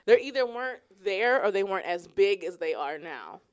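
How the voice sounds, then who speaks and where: A woman's voice: medium pitch, lively intonation, moderate pace. A woman co-hosting a casual podcast, asking curious questions and laughing easily. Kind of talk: casual chat.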